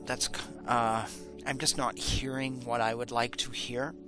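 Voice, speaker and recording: A man's voice: medium pitch, level tone, unhurried, over music. A middle-aged man hosting a reaction show, talking candidly with frequent restarts and fillers. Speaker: host. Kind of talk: casual reaction commentary.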